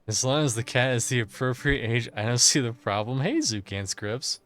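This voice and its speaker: A man's voice: medium pitch, expressive, moderate pace, few pauses, fairly bright tone, faint music behind. A man streaming a game live, chatting crudely and jokingly with his chat while a bit drunk. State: tipsy.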